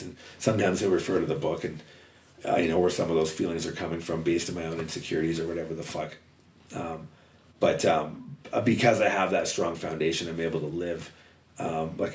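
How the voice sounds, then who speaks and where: Fast-talking, deep-voiced man off-mic in a roomy space. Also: distant mic. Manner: swears freely, fast and candid. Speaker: podcast guest. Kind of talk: casual conversation. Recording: roomy sound, a little off-mic, faint noise.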